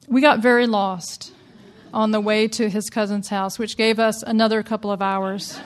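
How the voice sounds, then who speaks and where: A woman's voice: mid-range voice, fairly even intonation, normal speed. A woman from the American South telling a personal story to an audience in a wry, conversational way.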